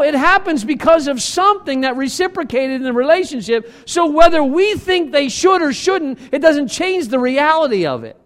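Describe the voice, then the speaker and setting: Animated high-voiced preaching pastor. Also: male voice, moderate pace, hardly any pauses, in a large hall. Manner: animated preaching, acting out quoted arguments, self-deprecating asides. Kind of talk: sermon.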